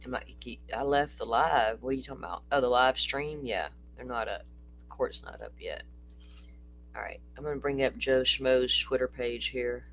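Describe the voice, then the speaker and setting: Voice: medium pitch, moderate pace, a bit bright, slight background noise. Rambling livestream host. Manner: rambling, chatty, laughs often, swears casually. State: tired, yawning. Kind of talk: casual true-crime livestream chat.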